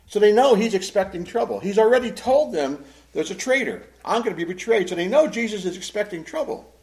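Man, Bible study teacher: animated, conversational, fairly high voice. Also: a little fast. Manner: animated, acts out quotes.

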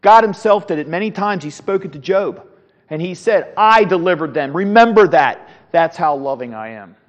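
A man's voice: fairly high pitch, expressive, moderate pace. A man teaching a Sunday school Bible lesson, talking emphatically and often repeating words as he finds his phrasing, in a church room. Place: church classroom. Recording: dull, reverberant hall recording.

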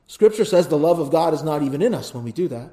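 A man preaching a sermon as pastor, building to loud emphatic repetitions, then dropping to quiet pleading, and often asking his listeners "right?". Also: on the high side, fast talker. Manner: asks the congregation "right?".

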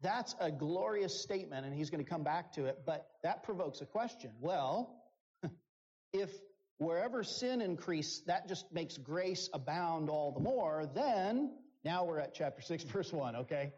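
A man preaching a sermon, slow and deliberate, rising in pitch on key phrases. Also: expressive, a little mellow. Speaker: pastor. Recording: dull, lo-fi sound.

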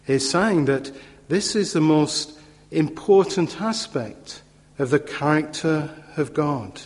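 A man preaching a sermon in a measured, emphatic way, with occasional fillers and repetition for stress. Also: on the high side. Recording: long hall reverb.

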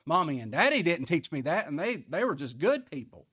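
Emphatic older preacher. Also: male voice, on the high side, big pitch swings, fairly quick, husky, dry recording, studio quality. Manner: swings from hushed to loud, emphatic preaching. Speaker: pastor. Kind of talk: sermon.

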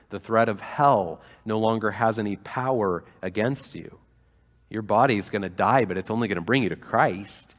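A man delivers a sermon in a lowish voice, moving from easy conversational explanation to fervent, emphatic passages. His voice carries a long reverb, as if spoken in a large hall. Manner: conversational preaching with fillers, rising to fervent emphasis. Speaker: pastor.

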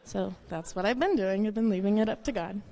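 A woman's voice: mid-range voice, fairly quick, dark tone. A woman giving a eulogy for the woman she took as her grandmother, telling personal stories, acting out quotes and laughing through tears.

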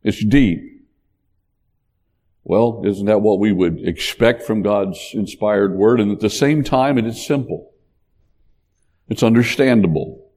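A man's voice: lowish voice, slow pace, pauses often, darkish tone. A man preaching a sermon as a pastor, with an emphatic, preacherly cadence that rises on key points. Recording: long hall reverb.

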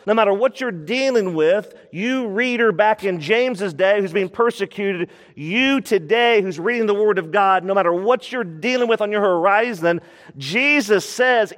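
A male pastor preaching a sermon, expressive, slowing down to stress words and acting out scripture quotes. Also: high voice, big-room sound.

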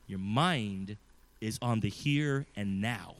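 A man in his thirties preaching a sermon, earnest and building from quiet passages to loud emphasis. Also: lowish voice, takes it slowly, dry recording, poor audio. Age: 30s.

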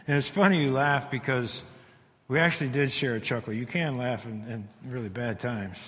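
A man's voice: medium pitch, slight background noise. Tense man telling a story in a hall. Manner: halting, repeats words, swings between hushed and loud. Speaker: speaker telling a survival story. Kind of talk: dramatic storytelling speech to an audience. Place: hall with a live audience. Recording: long hall reverb.

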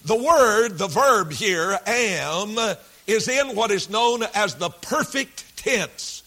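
A man's voice: sits high, lively intonation, sharp tone. A man preaching a sermon, reading scripture aloud and repeating key phrases with frequent fillers. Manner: slow, deliberate delivery, repeating key phrases and verse references.

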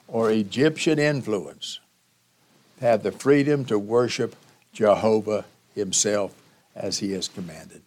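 A man preaching a sermon as pastor, teaching slowly and emphatically with dramatic pauses. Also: on the low side, a little mellow.

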